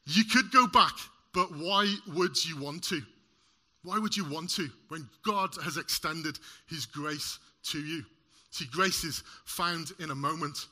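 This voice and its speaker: Bright, lively man preaching a sermon. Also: on the high side, unhurried. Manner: animated, uses props and jokes with the congregation. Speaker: lay preacher. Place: church service in front of a congregation.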